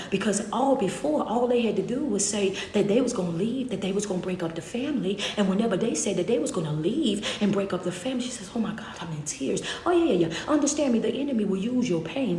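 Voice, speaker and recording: A woman's voice: on the high side, a little mellow, slight background noise. Emphatic woman preacher, echoey room. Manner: emphatic, repetitive, builds with rhetorical questions. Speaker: motivational speaker. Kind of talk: motivational preaching.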